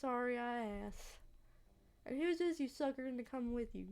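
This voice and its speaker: A grumbling old backwoods man with a put-on Southern drawl, voiced by a woman reading a game aloud. He scolds in a high, gravelly voice that never sounds quite like a real old man. The drawl stays rough and stubborn. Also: normal speed, a little mellow, close to an everyday voice. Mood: gruff. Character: gruff old male backwoods landowner.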